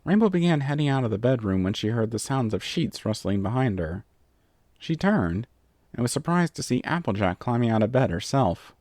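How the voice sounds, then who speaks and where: A man reading a fan story aloud with expressive, playful narration. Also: medium pitch, normal speed, no room sound, studio quality. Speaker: story reader.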